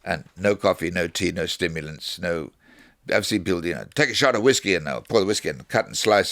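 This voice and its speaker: A blunt man chatting casually with a very deep, gravelly voice. His pitch jumps about a lot as he acts out little scenes. The recording is dry and close. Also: lively intonation, a little fast, a bit bright. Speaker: snake wrangler guest. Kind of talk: casual chat.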